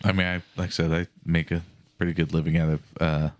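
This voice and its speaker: A man's voice: low-pitched, level tone, fast, no room sound. A middle-aged man co-hosting a podcast in a laid-back, conversational way. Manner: laid-back, short agreeing interjections. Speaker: podcast co-host. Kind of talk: casual podcast chat.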